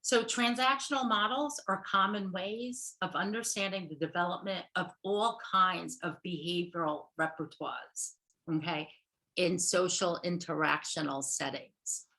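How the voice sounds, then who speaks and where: A woman's voice: lowish voice, a little slow, pushed and bright. An American woman therapist giving a workshop lecture over a video call. She checks in with her listeners constantly, asking "okay?" and "right?". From United States. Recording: roomy echo.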